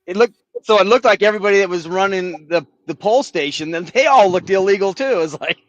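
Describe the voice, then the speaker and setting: A man's voice: high voice, a little fast, dry recording, highs cut off. A man from San Diego telling a story indignantly as a guest in a casual chat. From San Diego, California, United States.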